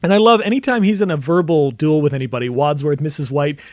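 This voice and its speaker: A man co-hosting a film podcast talks quickly and eagerly, often breaking into laughter. His voice sits a little high for a man. The sound is dry and close, with no room echo. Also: darkish tone. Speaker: podcast co-host. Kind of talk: casual film discussion.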